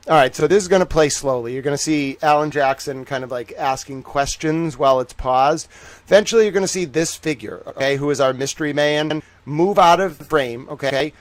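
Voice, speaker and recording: A man's voice: a little high, no room sound. A man hosting a casual livestream, speaking in a put-on Southern drawl, playful, teasing and boastful. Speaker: livestream host.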